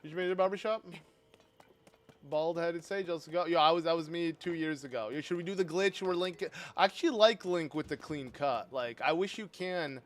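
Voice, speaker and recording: Excitable male game streamer. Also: on the high side, a little fast. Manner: excitable, chatty, laughs often. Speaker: streamer playing a game live. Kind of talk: casual live-stream commentary, chatting with viewers.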